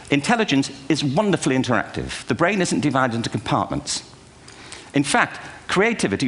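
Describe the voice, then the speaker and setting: With a medium-pitched, slightly bright voice, an older speaker delivers a funny keynote lecture to a live crowd in a big auditorium. He fills it with wry asides and self-deprecating stories.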